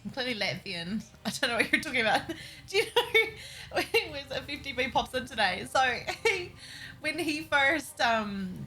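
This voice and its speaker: A woman's voice: sits high, lively intonation, moderate pace, sharp tone, rough recording. A young woman from New Zealand with a slightly Americanized Kiwi accent, chatting casually and giggling with her chat while livestreaming a game. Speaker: streamer. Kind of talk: casual live-stream chat while playing.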